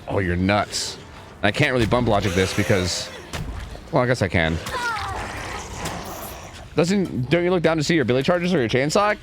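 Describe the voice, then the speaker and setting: A young man streaming a game, chatting casually, rambling with lots of filler words and swearing when frustrated. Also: mid-range voice. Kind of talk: casual live gameplay commentary. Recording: clear background noise under the voice.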